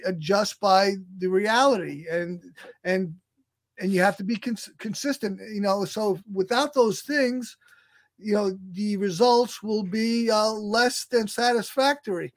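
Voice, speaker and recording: A man with a notably high speaking voice talks through his ideas in a casual interview. He restarts sentences often and chuckles along the way. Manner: halting, many restarts, laughs often. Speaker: guest, self-help software founder. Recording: radio show interview.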